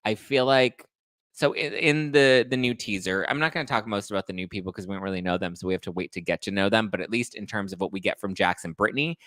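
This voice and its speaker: A man's voice: fairly low pitch, fast talker, a bit bright, no echo. A man hosting a podcast, rambling through casual gossip chat full of "like" and "listen". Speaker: podcast host.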